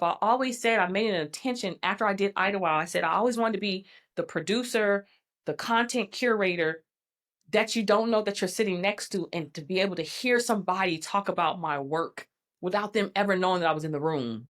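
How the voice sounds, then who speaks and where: A middle-aged woman, a guest in a casual interview, telling her story in a lively way and acting out what people said. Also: mid-range voice. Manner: animated storyteller, acts out quoted dialogue.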